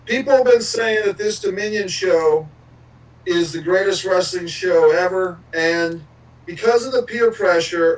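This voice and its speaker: A man's voice: sits high, far from the mic, low-quality recording. A man co-hosting a podcast, rambling casually and swearing now and then. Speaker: podcast co-host.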